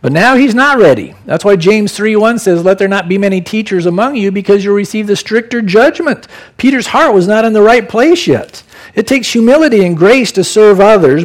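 A high-pitched man delivers a sermon from the pulpit. He reads scripture and explains it in an expressive way, raising his voice to act out the people in the story. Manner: expressive, acts out quoted voices with raised pitch. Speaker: pastor.

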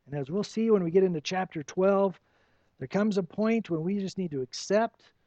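A man's voice: high voice, warm tone, no echo, highs cut off. A man preaching a sermon as a pastor, earnest and pleading, full of rhetorical questions.

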